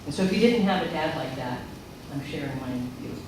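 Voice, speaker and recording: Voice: medium pitch, quick pace. Middle-aged preacher in an echoey hall. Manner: animated storyteller who acts out remembered quotes. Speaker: speaker at a spiritual center service. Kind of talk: personal storytelling sermon. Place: large church sanctuary. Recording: echoey hall from far off, noisy.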